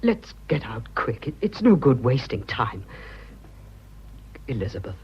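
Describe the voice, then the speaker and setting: A man's voice: fairly high pitch, sing-song, brisk, breathy edge, lo-fi sound. An actor playing an earnest, flustered young businessman declaring his love, stammering in clipped upper-class British speech in a radio drama. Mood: tender.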